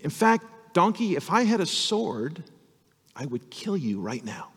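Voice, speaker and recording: A man's voice: fairly high pitch, very animated, a little slow, fairly bright tone, husky, big-room sound, voice pushed up, heavily acted. A man playing an indignant male sorcerer who scolds his donkey. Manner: blustering, indignant.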